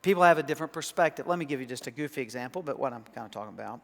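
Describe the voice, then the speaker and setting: A man from South Arkansas with a Southern accent, preaching a sermon in a folksy, emphatic way that grows louder on key points. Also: medium pitch, animated, rapid-fire, creaky, long reverb tail. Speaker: pastor. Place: church sanctuary.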